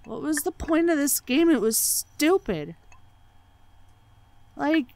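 A woman's voice: high voice, very animated, slow pace, pauses often, mellow, a little hiss or hum. A woman hosting a let's play, giving sarcastic, profanity-laced commentary and mocking the game's dialogue. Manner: sarcastic, swears freely, mocks the game's dialogue. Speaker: let's play channel host. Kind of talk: gaming commentary.

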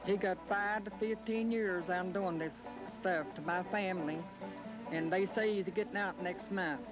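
A woman's voice: on the low side, unhurried, music in the background, low-quality recording. An older woman with an Appalachian accent giving a blunt, plain-spoken account. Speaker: interviewee. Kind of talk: plain first-person account.

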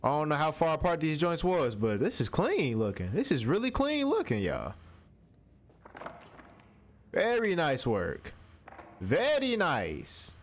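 Young male streamer, slightly high voice with wide swings, animated and jumpy while playing a horror game, faint background hiss. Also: fairly quick, hardly any pauses. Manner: animated and jumpy, talking to the game character, slangy. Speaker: gaming streamer. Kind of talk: horror game playthrough commentary.

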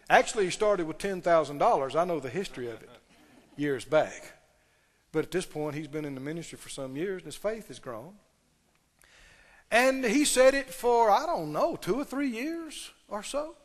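In a large hall, a high-voiced male pastor gives an emphatic sermon, hammering home key phrases again and again and directing questions at his congregation.

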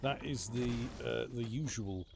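A man streams a game live, chatting, swearing, and humming silly little ditties to himself while he plays. His mid-range voice is unhurried with vocal fry, and the audio is very noisy.

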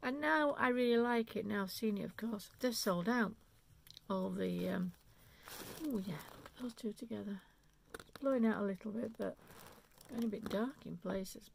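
Gravelly-voiced chatty woman vlogger. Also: medium pitch, normal speed, a little hiss or hum. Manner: enthusiastic, rambling, self-interrupting. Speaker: knitting vlogger. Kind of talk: unscripted chatty yarn haul.

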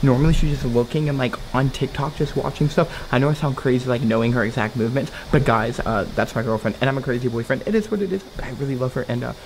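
A young man talking straight to his viewers in a hushed vlog, often dropping to a whisper, recorded indoors in a house. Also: mid-range voice, quick pace, hardly any pauses, slight background noise, rough recording. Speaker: vlogger.

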